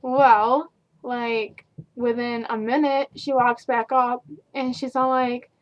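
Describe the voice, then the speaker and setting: A young woman who works at a fast food counter, telling stories about customers in a casual, sarcastic, exasperated vlog rant full of fillers. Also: on the high side, level tone. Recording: dull lo-fi home video.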